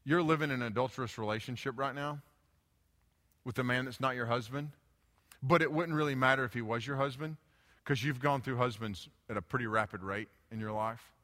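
A man voicing Jesus as a blunt, plain-spoken teacher who talks low and straight. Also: fairly quick, sharp tone, lightly acted. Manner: blunt, confrontational, lowered voice. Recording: reverberant church hall.

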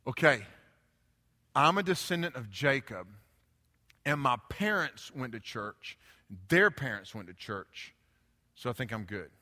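A man's voice: very animated, measured pace, long pauses, sharp tone, heavily acted. A man voicing a smug Samaritan woman in a raised voice, chatting away about her family's credentials. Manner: raised pitch, self-assured, chatty. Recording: reverberant church hall.

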